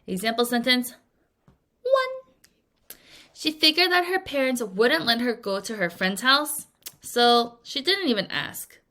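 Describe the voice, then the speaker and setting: A young woman with a slightly high voice leads a recorded English vocabulary lesson. Her delivery is clear and deliberate, and she often slips into playful voices to act out little scenes. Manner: lively, acts out little scenes with character voices. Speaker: English teacher.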